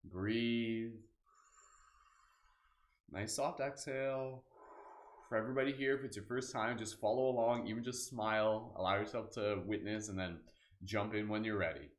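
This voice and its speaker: Relaxed meditation host, low voice. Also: male voice, normal speed, pauses often, reverberant. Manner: relaxed, affirmations and laughter breathing; casual with many "like" and "kind of". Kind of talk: live-streamed guided meditation.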